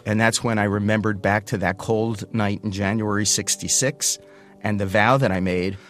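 An older man from the United States recounts his own story with animated energy, slipping into the voices of others as he goes. His voice sits on the low side. Guitar music plays clearly beneath him. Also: moderate pace. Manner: animated, acts out quoted voices. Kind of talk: first-person storytelling.

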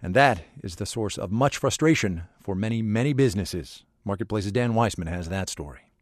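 A man's voice: on the low side, lively intonation, moderate pace, no room sound. A male radio news anchor reads scripted lead-ins with a wry edge. His delivery rises and falls a lot, and the studio sound is dry and close.

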